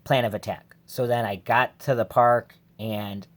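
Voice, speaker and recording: A man's voice: mid-range voice, fairly even intonation, measured pace. A man vlogger telling a personal story in a casual, rambling way, candid and emotional, full of "like" fillers. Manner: rambling, heavy use of "like" fillers.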